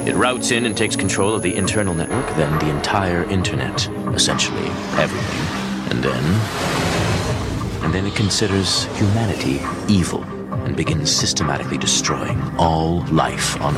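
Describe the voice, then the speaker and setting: An actor playing a formal man from the future who speaks slowly in a clipped, staccato way, in a cartoon clip with loud music under it. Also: low voice, sing-song. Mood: grave. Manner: slow, formal, staccato delivery. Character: stiff formal time traveler from the future, man.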